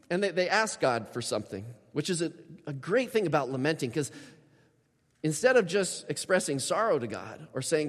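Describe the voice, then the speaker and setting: A man's voice: high voice, animated, brisk, a bit bright. A man preaching a sermon as a pastor, emphatic and acting out prayers in a lifted voice. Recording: reverberant hall sound.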